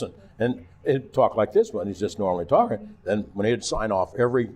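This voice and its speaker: Older man telling lively stories. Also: fairly low pitch, brisk. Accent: Midwestern American. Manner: animated anecdotes, acting out quotes. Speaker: interview guest, former TV weatherman. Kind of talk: casual storytelling.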